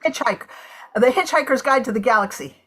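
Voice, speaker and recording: A woman playing a guessing game, calling out guesses in halting bursts with many fillers. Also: fairly high pitch, animated, a bit bright. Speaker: game player.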